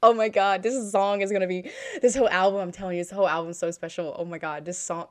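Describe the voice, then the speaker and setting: A woman's voice: medium pitch, fairly even intonation, quick pace. Gushing woman reacting to music videos. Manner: gushing, exclaims often, talks to herself.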